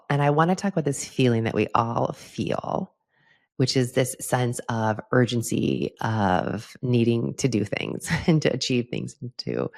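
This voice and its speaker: A woman's voice: very deep voice, gravelly, darkish tone. A middle-aged woman hosting a solo podcast, talking candidly and chattily to her listeners and laughing often. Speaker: podcast host. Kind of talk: casual solo podcast chat.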